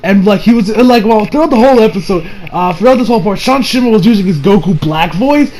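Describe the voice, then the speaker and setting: A man's voice: sits high, lively intonation, quick pace, darkish tone. A man giving a casual anime episode review in a rambling, slangy way, full of fillers and loose asides.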